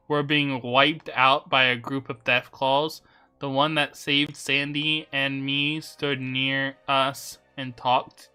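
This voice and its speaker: A man's voice: mid-range voice, sharp tone, clear, resonant tone. A man voicing a grieving young widow from a video game, telling her story in an earnest, sorrowful way.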